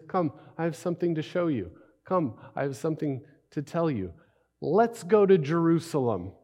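A man's voice: on the high side, mellow. A man preaching a sermon as a pastor, in a conversational way with many rhetorical questions and repeated phrases.

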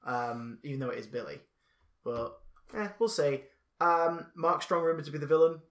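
A man co-hosting a casual podcast, rambling and animated, often restarting his sentences. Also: on the high side, moderate pace. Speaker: podcast co-host. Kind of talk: casual comics chat.

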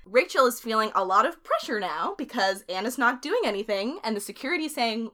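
A woman with a bright, forceful voice tells a story in a relaxed, conversational way. She keeps it lively and chatty and laughs easily as she goes. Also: a little high, brisk. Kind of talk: casual storytelling.

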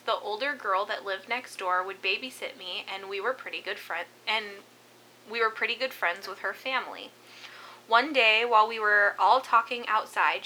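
Bright, giggly woman storyteller. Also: medium pitch, poor audio. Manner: giggly, breaks into laughs while telling. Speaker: podcast host telling a spooky story. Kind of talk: casual chat and story reading.

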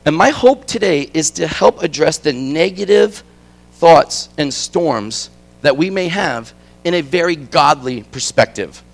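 Middle-aged guy preaching, chatty storytelling sermon, voice all over the place from quiet to loud. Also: a little high, a little slow, creaky. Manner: animated, storytelling, swings from quiet to emphatic. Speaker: guest preacher. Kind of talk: conversational sermon with personal stories.

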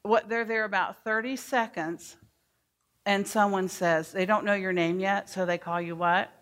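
A woman's voice: mid-range voice, steady tone, a little slow, fairly bright tone. A woman educator giving a workshop talk to teachers, speaking emphatically and asking the room questions. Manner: emphatic, asks the audience questions.

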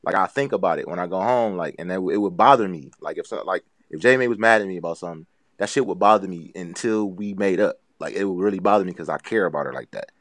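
A man's voice: low voice, fast talker, fairly bright tone, no room sound. A man co-hosting a casual podcast chat, talking earnestly and rambling with lots of filler phrases. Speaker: podcast co-host.

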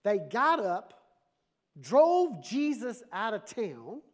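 A man preaching a sermon as pastor, animated, with playful asides to the congregation. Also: high voice, slow pace.

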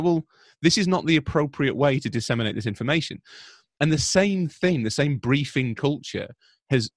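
A man from Britain, a football journalist, talking through the news on a podcast in a measured, analytical way with frequent restarts. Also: mid-range voice, dry recording, studio quality. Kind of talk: conversational podcast commentary.

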